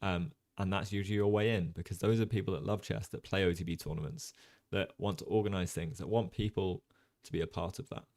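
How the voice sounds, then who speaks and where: A man from Jersey, a chess streamer doing relaxed livestream commentary, chatty with many ums, reading chat aloud. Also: low-pitched, brisk, few pauses, no room sound, clean studio sound.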